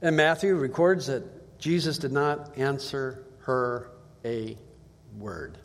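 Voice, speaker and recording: A man's voice: mid-range voice, slow, long reverb tail. A man giving a conversational Bible teaching, reading passages aloud and asking rhetorical questions.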